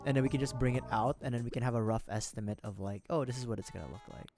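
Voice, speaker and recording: A man's voice: medium pitch, rapid-fire, a little mellow, faint music behind. Rambling, jokey male game streamer. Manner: rambling, jokey, laughs often, talks to chat. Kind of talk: casual gaming livestream chat.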